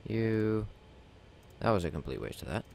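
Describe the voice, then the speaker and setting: A man's voice: lowish voice, animated, moderate pace, vocal fry, darkish tone, a little hiss or hum. A man giving casual gameplay commentary, rambling and self-mocking as he talks himself through crafting. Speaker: let's play gamer.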